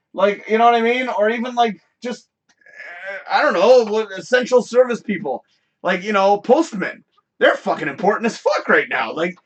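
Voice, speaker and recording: Profane, high, bright-voiced man ranting. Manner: profane, laughing, animated storytelling. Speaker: host. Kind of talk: casual live-stream rant.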